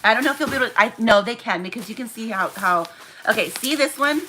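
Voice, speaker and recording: A young woman chats through a live stream as she packs orders, her voice bright and sitting a little high. She talks easily and constantly, half to the viewers and half to herself. Faint noise sits under her voice. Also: lively intonation, fast talker, poor audio. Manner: chatty, talks to viewers while working. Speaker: small shop owner packing orders. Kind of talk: casual live-stream chat.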